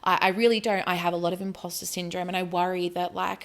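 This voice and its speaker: Chatty Australian woman, lowish voice. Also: quick pace, a bit bright. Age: 30s. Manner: chatty and rambling, heavy with "like". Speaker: spiritual vlogger. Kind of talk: casual chat to camera.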